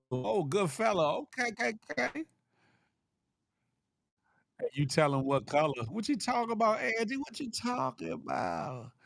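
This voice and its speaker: A man's voice: a little high, creaky, no echo, clean studio sound. A man hosting a casual livestream, reading the chat aloud and teasing viewers with a playful, laughing manner.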